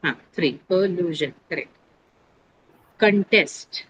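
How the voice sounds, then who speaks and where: A woman teacher leading an English pronunciation lesson, patiently repeating each word slowly for her students. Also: on the low side, slightly rough, low-quality recording. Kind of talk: classroom lesson on syllables and stress.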